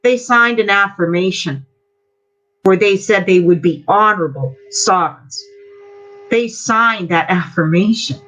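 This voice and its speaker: This Canadian member's voice is mid-range and fairly bright, her pace a little slow, yet her heated address to the group meeting is angry and accusing, packed with rhetorical questions. Audio quality is dull and lo-fi.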